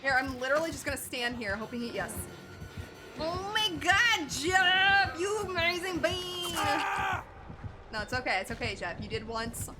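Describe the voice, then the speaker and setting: Gal streaming a game, super high squeaky voice swinging all over, game music going behind her. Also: normal speed. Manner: excitable, laughing, talks to teammates on screen. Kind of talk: live gameplay commentary.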